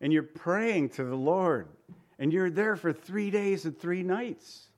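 Man, pastor, sermon, slightly high voice, rhetorical questions, reads old scripture. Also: slow. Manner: conversational preaching with rhetorical questions.

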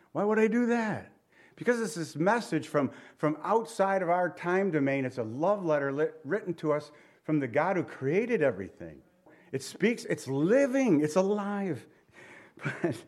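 A middle-aged American man preaching a sermon as pastor, talking conversationally with rhetorical questions and dropping softly for emphasis. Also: on the high side. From United States.

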